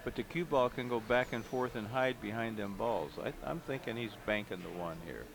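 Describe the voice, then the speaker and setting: A man's voice: mid-range voice, moderate pace, creaky, background noise. A man commentating a pool match live, analyzing each shot and thinking aloud, often trailing off mid-sentence.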